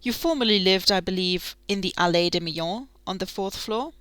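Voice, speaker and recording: A woman's voice: medium pitch, a bit bright, no room sound, close to an everyday voice. Woman reading as a guarded priest with Italian accent. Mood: probing. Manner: measured, probing, terse questions. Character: searching, guarded foreign male priest.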